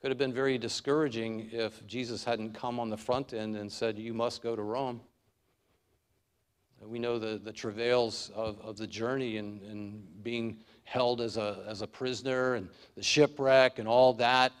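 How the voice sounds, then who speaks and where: Man, pastor, expository sermon, earnest, emphatic, medium pitch. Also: steady tone, normal speed, hardly any pauses, smooth.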